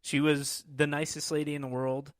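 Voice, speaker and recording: A man's voice: a little high, level tone, moderate pace, no echo, clean studio sound. A man hosting a casual podcast, telling stories in a profane, rambling way. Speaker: podcast host. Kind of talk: casual chat.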